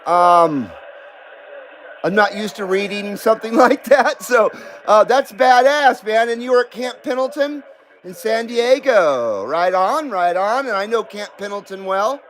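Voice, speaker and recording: A man's voice: high-pitched, animated, a little slow, a bit bright, poor audio. A man from the West Coast of the United States hosting a casual live stream, rambling and self-deprecating, often laughing and reading viewer comments aloud.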